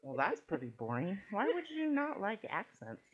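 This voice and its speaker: A woman co-hosting a podcast in casual chat, animated and laughing, slipping into playful voices. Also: medium pitch, moderate pace, husky. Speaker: podcast co-host. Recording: dull lo-fi sound.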